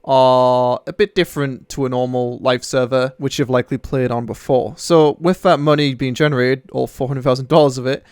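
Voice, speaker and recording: A man's voice: mid-range voice, steady tone, normal speed, few pauses, a little mellow, smooth, no room sound. A man hosting gameplay commentary with friends, joking and rambling through explanations. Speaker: gaming channel host.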